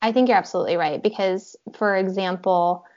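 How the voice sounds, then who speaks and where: A woman casually chatting, telling an animated personal story and acting out what people said. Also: mid-range voice, a little fast, lo-fi sound. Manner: animated storytelling, acts out quotes, laughs often. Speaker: horse rider telling her story. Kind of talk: casual podcast chat.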